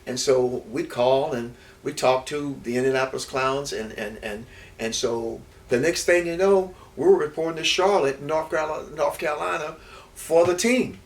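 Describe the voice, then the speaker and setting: Speaking in a fairly high pitch at normal speed, an older former baseball player from Houston, Texas shares life stories in an interview. He meanders, restarts, and repeats himself, brightening as he recalls what happened. Faint background noise comes through a distant microphone.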